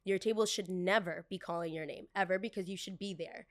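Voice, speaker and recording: A young woman hosting a podcast, telling a story in a casual, animated way. She acts out the dialogue and speaks bluntly, with some swearing. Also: on the low side, fairly quick. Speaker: podcast host.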